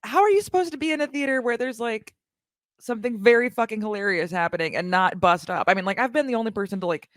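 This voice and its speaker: A woman's voice: a little high, animated, fast talker, dry recording, studio quality. A woman hosting a casual podcast chat, telling stories in a playful, wry way. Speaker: podcast host.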